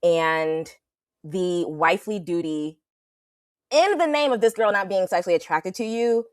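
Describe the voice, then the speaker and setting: A woman co-hosts a casual chat recapping a reality dating show. She talks with lots of energy and jumps into a high voice to act out what the cast said. Her voice sounds close and dry. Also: a little slow, no echo. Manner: animated, acts out quotes in a high voice. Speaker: co-host.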